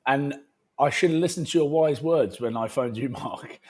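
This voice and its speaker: A man's voice: mid-range voice, normal speed, a little mellow. A man co-hosting a rugby podcast, telling joking stories in casual banter. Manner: joking, banter-heavy storytelling. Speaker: podcast co-host. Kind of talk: casual chat.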